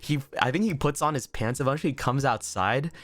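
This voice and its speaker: A young man telling a story in a casual vlog, laughing often, swearing freely and talking with animated energy. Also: medium pitch, a little fast. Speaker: vlogger. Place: inn room indoors.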